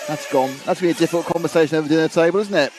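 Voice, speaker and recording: A man's voice: on the high side, steady tone, very fast, background noise. A man doing live commentary on a model car race, chatty and reading out viewer comments.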